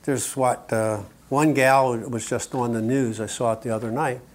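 Speaking at normal speed with fairly even intonation, an older man with a medium-pitched voice presents a sermon-like teaching talk at a conference. He's emphatic, pauses for humorous asides, and often asks "okay?" to confirm listeners are with him.

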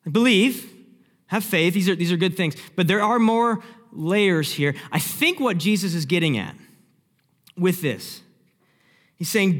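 A young man preaching a sermon, telling the story vividly and acting out the scenes, dropping from loud to hushed. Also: high voice, animated, unhurried. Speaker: pastor. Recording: long hall reverb.

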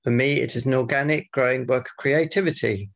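Gravelly deadpan male podcast co-host. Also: mid-range voice, a little fast. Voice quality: gravelly, husky. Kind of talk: casual podcast banter with mock-formal readout. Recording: dull lo-fi podcast audio.

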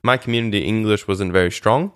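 Low, smooth-voiced man telling stories. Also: quick pace, dry recording, studio quality. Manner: chatty, animated storytelling with frequent fillers and restarts. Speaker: interview guest, former volunteer. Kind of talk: casual conversational interview.

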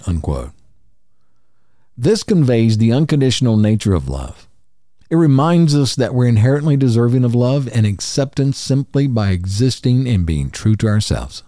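A man hosting a podcast, calmly reading spiritual quotes and explaining each one. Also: mid-range voice, normal speed, no echo, clean studio sound. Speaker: podcast host.

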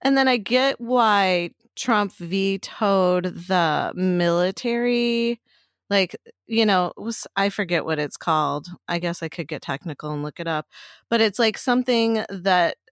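A woman's voice: medium pitch, a little slow, no echo, clean studio sound. A middle-aged woman in casual chat, ranting bluntly and swearing freely.

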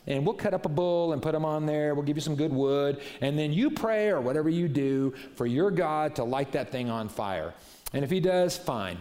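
A middle-aged man preaching a sermon, retelling scripture in casual, animated storytelling. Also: medium pitch. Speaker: pastor.

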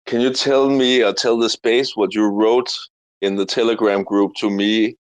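A man's voice: on the low side, steady tone, unhurried, no echo, rough recording. A man joking around as a guest on a casual online audio chat.

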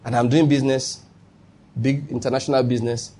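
A man's voice: mid-range voice, level tone, a little fast, mellow. A man with a Nigerian accent preaching a sermon, emphatic and often asking whether listeners follow his point. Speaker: pastor.

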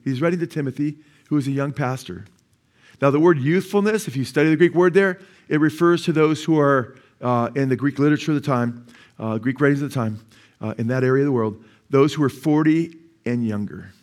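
A man of sixty, a pastor, preaches a sermon at church with a medium-pitched, fairly quick delivery. Questions to the congregation recur throughout, he waits for their responses, and key phrases get repeated for emphasis.

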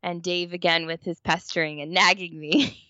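A woman co-hosting a casual chat, telling stories in an animated way with lots of "like"s. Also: lowish voice, normal speed, clear, resonant tone, no room sound, muffled recording. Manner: animated, storytelling with many "like"s. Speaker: podcast co-host. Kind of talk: casual conversation.

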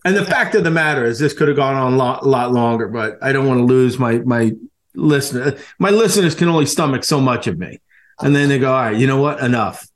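A man's voice: mid-range voice, fairly quick. Effusive man hosting a podcast. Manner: warm, effusive, laughs often, repeats words. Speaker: podcast host. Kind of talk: casual interview chat.

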